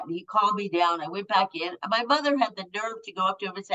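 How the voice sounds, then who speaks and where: A woman's voice: medium pitch, animated, normal speed, bright, forceful tone, highs cut off. A woman in her fifties, a guest telling a personal story in a blunt, raw and profane way. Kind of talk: candid storytelling.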